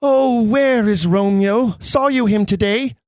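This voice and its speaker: A man's voice: high-pitched, takes it slowly, no room sound, clean studio sound, voice pushed up. A man voicing a worried noble mother who asks after her son, read as stage verse in a raised voice. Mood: anxious.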